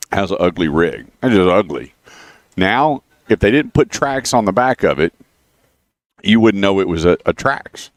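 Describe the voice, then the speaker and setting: Low-voiced chatty male radio host. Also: dry recording, studio quality. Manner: chatty storyteller, repeats the phone number. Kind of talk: casual radio chat with car dealer plugs. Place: radio studio.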